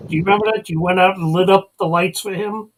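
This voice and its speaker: A man's voice: high voice, fairly even intonation, fast talker, poor audio. A man hosting a podcast, reminiscing with his guest in a friendly, casual way. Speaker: podcast host. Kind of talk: casual interview chat.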